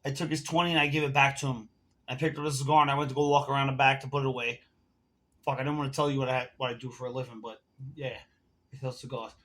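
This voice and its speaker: A man's voice: mid-range voice, little pitch movement, fast, pushed and bright. A man ranting to camera in a casual vlog, telling a heated, profane story while smoking and drinking. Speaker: vlogger.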